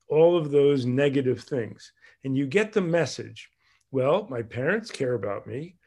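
A man leading a group exercise over a video call, talking in an animated way and acting out little voices with big jumps in pitch. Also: unhurried, breathy edge. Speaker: group leader.

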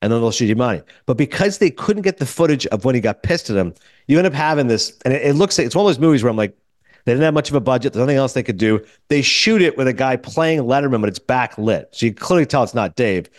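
A man's voice: mid-range voice, quick pace, dry recording. A man hosting a film podcast, talking through a movie review and acting out quotes from it, recorded on a studio microphone. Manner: animated storyteller acting out quoted lines. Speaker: podcast host and film critic. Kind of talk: casual film review monologue.

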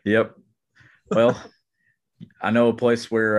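Male podcast co-host, low voice, chatty and upbeat in casual sports talk. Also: monotone, takes it slowly, pauses often. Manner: enthusiastic, chatty. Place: remote, on vacation.

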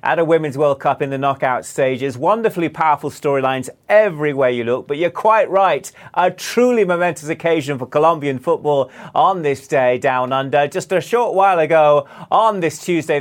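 A man delivering a lively sports news report with effusive enthusiasm. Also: a little high. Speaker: sports correspondent.

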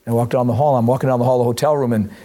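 An older man, a former referee, telling long stories in a casual interview and acting out the quotes with lively restarts. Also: mid-range voice, racing. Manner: animated storyteller, frequent restarts, acts out quotes.

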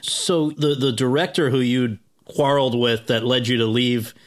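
A man interviews a guest, putting his questions in a calm, measured way. His voice sits at an ordinary middle pitch.

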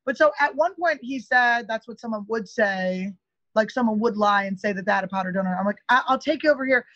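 A woman comedian chatting as a podcast guest, telling a long story in an animated way with lots of "like". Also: on the high side, a little fast, no echo, lo-fi sound. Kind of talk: casual podcast chat.

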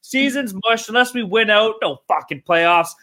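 A man's voice: high voice, expressive, normal speed, pushed and bright. A man co-hosting a sports betting podcast, talking casually and ranting with heavy swearing. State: tired. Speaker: podcast co-host.

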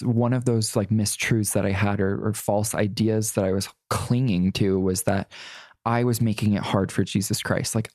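A man's voice: on the low side, a little mellow, no echo, studio quality. A young man earnestly sharing a personal testimony in an interview, full of "like" and restarts. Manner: earnest, filler-heavy, lots of "like". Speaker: guest.

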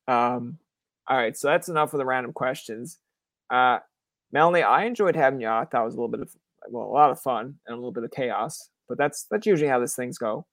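A man's voice: medium pitch, quick pace, dry recording. A young man from Canada hosting a podcast in casual chat, rambling with many fillers, swear words and acted-out quotes. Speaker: podcast host.

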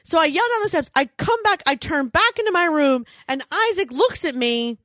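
Woman, thirties, casual storytelling, animated and laughing, swears freely, dry sound. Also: high-pitched, normal speed, no echo. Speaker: storyteller, mother. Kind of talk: casual chat.

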